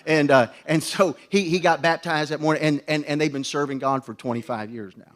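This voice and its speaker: A man's voice: fairly high pitch, fairly quick. A middle-aged man preaching a conference sermon, folksy and joking, with stumbling restarts. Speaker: pastor.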